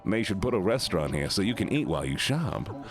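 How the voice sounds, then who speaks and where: List: man putting on a Southern US accent, folksy cheery shopper, lower voice, animated, faint music behind. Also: fairly quick. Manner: folksy, upbeat drawl.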